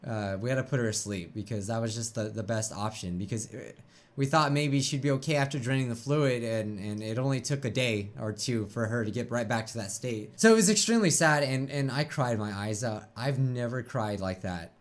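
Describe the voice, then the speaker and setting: A man hosting his own reaction channel talks casually about losing a pet. His voice is choked and tearful, and he rambles with halting restarts. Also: medium pitch. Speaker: YouTube reaction host. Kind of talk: emotional casual reaction talk.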